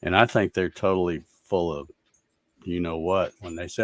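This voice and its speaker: Man hosting a casual stream, sarcastic ranting tone, fairly low voice, dry close recording. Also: steady tone, normal speed, no room sound. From Georgia, USA. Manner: ranting, fed-up, sarcastic, laughs at comments. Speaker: show host reading viewer comments. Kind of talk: casual livestream chat.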